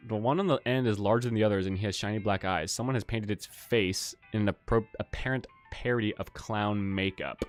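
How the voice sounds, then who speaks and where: A man with a lowish voice reading game text aloud on a live stream, casual and jokey between lines. His delivery is loose and conversational. Faint music plays under him. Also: a little fast, hardly any pauses.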